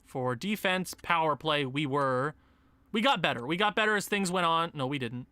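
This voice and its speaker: Young man, gaming commentary, high pitch, swings from mutters to shouts. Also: expressive, normal speed, clean tone, no echo. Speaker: gaming YouTuber. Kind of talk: casual game commentary.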